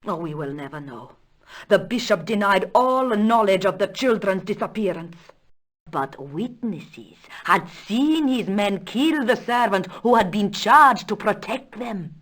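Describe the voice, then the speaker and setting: An actress voicing a proud, dramatic aging countess with a Spanish accent in a video game, talking in a stately, theatrical way. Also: female voice, mid-range voice, lively intonation. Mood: grave. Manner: stately, slow and theatrical, bursts into shouts.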